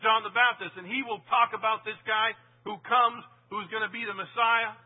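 A man preaching a sermon, animated, swinging from loud emphasis to quiet asides and putting questions to the audience. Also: high-pitched, moderate pace, slightly rough, narrow, tinny audio.

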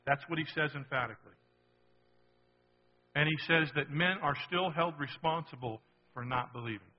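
A man's voice: on the high side, moderate pace, slightly rough, long reverb tail, highs cut off. A man preaching a sermon as pastor, emphatic and repetitive, often checking in with the congregation.

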